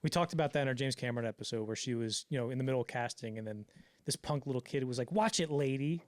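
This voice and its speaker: A man telling a story on a casual podcast, swearing freely and acting out the quotes in quick put-on voices. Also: mid-range voice, no echo. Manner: fast, profane, acts out quotes in voices. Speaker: podcast co-host.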